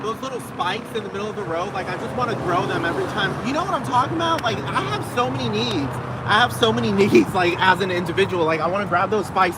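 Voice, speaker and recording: A high-voiced man rants into his podcast from somewhere outside beside a busy road. He swears freely and leans on "like" every few words. Loud traffic noise sits behind him. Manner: ranting, profane, filler-heavy with frequent "like". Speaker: podcast host. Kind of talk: casual rambling monologue. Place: outdoors near a road with passing traffic. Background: cars and street traffic.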